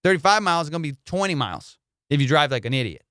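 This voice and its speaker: Animated storytelling comedian, clear voice. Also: male voice, on the high side, rapid-fire, no echo, clean studio sound. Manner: excitable, profane, slangy. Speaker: comedian podcast host.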